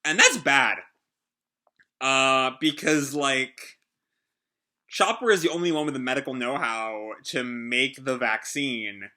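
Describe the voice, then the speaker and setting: A man's voice: mid-range voice, takes it slowly, sharp tone. A man who hosts a casual comic reaction, talking in a rambling, hesitant way with many fillers. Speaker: host.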